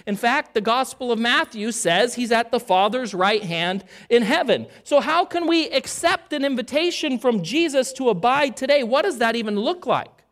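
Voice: medium pitch, a bit bright. A pastor preaching a sermon and reading scripture aloud, talking conversationally and asking the listeners questions.

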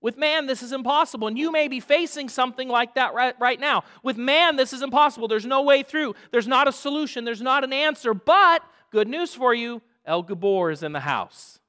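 A man preaching a sermon as a pastor, dramatic and emphatic, dropping to a hush and rising again, repeating phrases for emphasis. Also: very high voice, expressive, moderate pace, hardly any pauses, clean tone. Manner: dramatic, swings from hushed to loud emphasis.

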